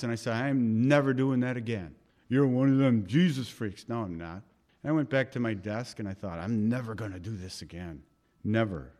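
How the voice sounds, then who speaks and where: Dramatic, high-voiced preacher man. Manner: dramatic, swings between loud urging and hushed asides, acts out quoted voices. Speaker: pastor. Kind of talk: sermon.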